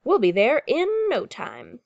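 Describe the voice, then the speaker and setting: A woman voicing a cool, calm male cat pirate captain while reading a storybook aloud. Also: on the high side, unhurried, gravelly, no room sound, dull audio, pitched above the performer's own voice, exaggerated voice. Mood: cheerful. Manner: bright, hearty storybook calls.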